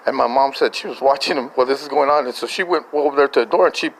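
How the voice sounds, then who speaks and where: A man's voice: medium pitch, very fast, poor audio. An older man, a grandfather, telling a family story in a casual voice message, rambling and chuckling through many restarts.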